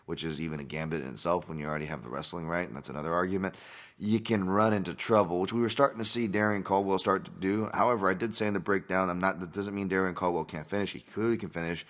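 A man's voice: deep voice, steady tone, fast, a bit bright. A man hosting his own podcast, talking casually through fight results in a rambling way and swearing freely. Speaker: podcast host.

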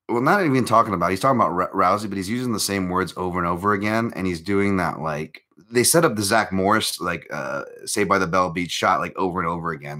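A man with a very low voice and a bright, forceful edge hosts a live martial-arts chat. He rambles casually, stops and restarts himself, and pokes fun at himself between points. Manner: rambling, self-interrupting, lots of fillers; joking, self-deprecating. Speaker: host of a live MMA chat.

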